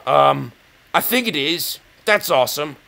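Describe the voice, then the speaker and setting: A man's voice: on the high side, lively intonation, measured pace, gravelly, bright, forceful tone. A man with an English accent, rambling and mocking himself as he comments on his own chess game. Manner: rambling, self-mocking, talks to himself and the opponent. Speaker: chess channel host.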